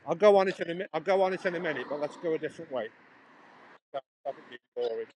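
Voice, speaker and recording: A man's voice: on the high side, animated, racing, darkish tone, a little hiss or hum, low-quality recording. A man, livestreaming as he walks outdoors beside a busy road. He rambles on in a chatty way and talks straight to a viewer. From England. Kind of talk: live walking vlog.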